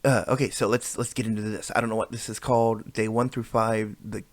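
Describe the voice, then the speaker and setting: A man's voice: fairly low pitch, little pitch movement, brisk, no echo. A man giving rambling, self-deprecating reaction commentary on videos, often restarting his sentences, recorded on a new microphone. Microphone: new studio microphone.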